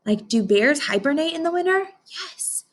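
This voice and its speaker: A woman teacher reading a picture book aloud to children, stopping to ask them questions and gently explain. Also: sits high, expressive, normal speed, a little hiss or hum.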